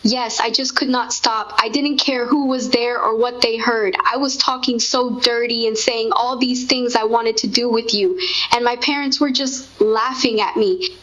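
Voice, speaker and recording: Higher-voiced woman, animated storyteller, lo-fi sound. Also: moderate pace. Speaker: co-host recounting a shared memory. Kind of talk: casual conversation with her partner.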